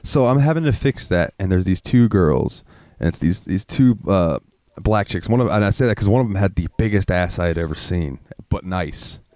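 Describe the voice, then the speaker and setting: A man's voice: low voice, expressive, moderate pace, darkish tone, no echo, clean studio sound. A man hosting a podcast, telling long, profane anecdotes in a casual, rambling way with lots of filler words. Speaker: podcast host. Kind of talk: casual storytelling chat.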